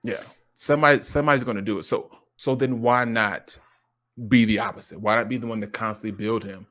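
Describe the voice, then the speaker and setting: A man in a casual, heartfelt chat, talking with lively emotion and frequent restarts. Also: on the low side, brisk. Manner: animated, emotional, lots of restarts and quoted dialogue. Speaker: streamer.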